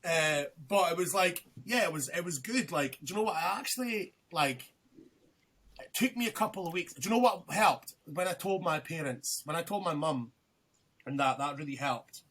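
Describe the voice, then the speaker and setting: A man's voice: fairly high pitch, lively intonation, normal speed, a bit bright, slightly rough. A young man, a podcast guest, telling a rambling story in casual chat, swearing freely and restarting his sentences.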